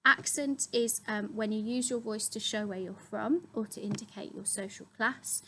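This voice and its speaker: A woman's voice: medium pitch, moderate pace, fairly bright tone, a little hiss or hum, poor audio. A young woman, a drama teacher, steadily explaining acting terms to her students with frequent ums. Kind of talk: classroom explainer video.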